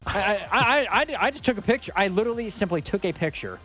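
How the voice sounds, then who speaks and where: A man's voice: sits high, animated, fast, sharp tone, soft background music. A man co-hosting a sports radio show, reading golf updates and joking with his co-hosts. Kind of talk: casual sports radio chat.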